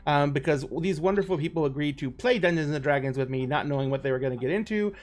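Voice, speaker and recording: A man's voice: on the high side, quick pace. A middle-aged man hosting a live tabletop game stream as game master, laughing often and rambling through jokes while his voice cracks. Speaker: game master and show host.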